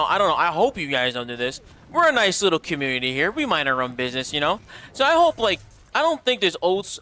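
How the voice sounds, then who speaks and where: Bright-voiced young male game streamer. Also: fairly high pitch. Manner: loose and chatty, swears often, reads out chat. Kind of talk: casual livestream chat while gaming.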